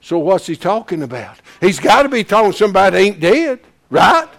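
A man teaching a Bible class in sermon style, folksy and animated, breaking into shouts to press a point. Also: high-pitched, a little fast, creaky.

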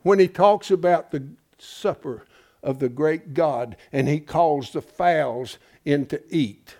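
A middle-aged man preaching a sermon, folksy and emphatic, dropping from loud declarations to hushed asides. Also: a little high, slow.

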